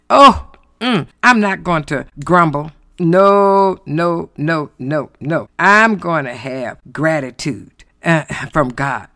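A woman's voice: lowish voice, vocal fry, a bit bright, no room sound, clean studio sound. A woman preaching a sermon with an emphatic cadence, full of exclamations and repetition.

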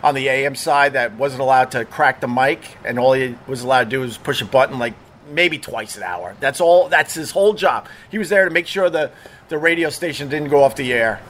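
A man's voice: mid-range voice, a little fast, fairly bright tone, slight background noise. A middle-aged man, a former radio DJ, telling casual stories in a rambling, profane way, full of fillers and restarts. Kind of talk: casual storytelling monologue.

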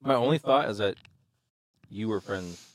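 A man's voice: fairly low pitch, moderate pace, no room sound. A man joking around in a casual podcast chat. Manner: playful, jokey.

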